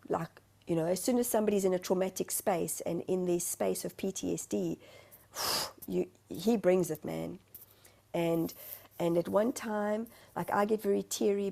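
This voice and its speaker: Gravelly-voiced woman, talkative. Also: medium pitch, dark tone. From South Africa. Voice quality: talkative, self-described motor mouth. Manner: emotional, rambling storytelling. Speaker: guest, spiritual medium. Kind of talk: candid interview conversation.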